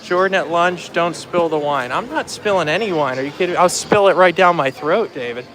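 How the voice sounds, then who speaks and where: Strolling outdoors in a theme park, a man hosts a casual live vlog on his phone, chatting away and calling out viewers by name. He talks a little fast, with a somewhat high, fairly bright voice.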